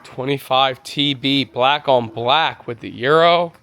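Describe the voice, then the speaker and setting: A man's voice: medium pitch, slow pace, pushed and bright. A man touring an indoor RV show, giving an enthusiastic walkthrough and exclaiming over features. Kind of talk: walkthrough vlog.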